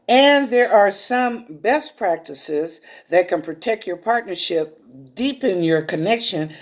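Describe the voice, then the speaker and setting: Close to tears and choked up, a middle-aged woman hosts a psychic talk show in a lowish voice. Her delivery is folksy and full of emotion, and she calls the viewers y'all.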